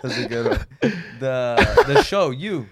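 A man's voice: medium pitch, wildly swooping pitch, slow, slightly rough, no echo, clean studio sound. A man co-hosting a casual group podcast, bluntly arguing his side. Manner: blunt, argues it's just their job. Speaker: podcast co-host.

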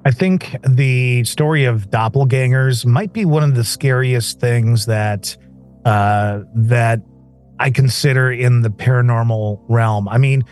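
A man's voice: mid-range voice, slow, darkish tone, soft background music. Musing male podcast co-host. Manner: musing, conversational. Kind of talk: casual chat.

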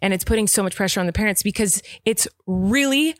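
A woman's voice: medium pitch, quick pace, dry recording, clean studio sound. A young woman in a casual chat about raising her son, earnest and rambling, often acting out what she and the child say. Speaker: parent in a podcast chat.

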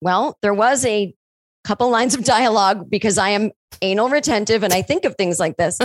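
A woman chatting casually on a podcast about her own screenplay. She tells it like a story, leaping up in pitch to act out what people said. The sound is dry and close. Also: normal speed, no room sound. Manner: animated storyteller who acts out dialogue with big pitch jumps. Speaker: screenwriter discussing her film.

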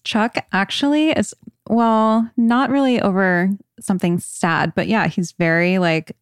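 A woman hosts a casual podcast chat at home, speaking at a middle pitch. She talks in an easy, chatty way and laughs between phrases. The sound is dry and close. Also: fairly even intonation, unhurried, clear, resonant tone, no room sound. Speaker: podcast host.

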